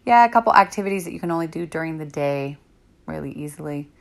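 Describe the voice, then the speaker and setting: A woman in her thirties hosts a parenting podcast alone, talking casually in a reflective, rambling way filled with fillers. Her voice is deep, with vocal fry, and she speaks animatedly at a quick pace.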